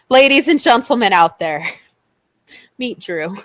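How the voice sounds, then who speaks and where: A young woman co-hosting a podcast in casual chat, telling stories in an animated way and acting out what people said. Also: fairly high pitch, slow, no echo. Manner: animated storytelling, acts out quotes. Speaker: podcast co-host.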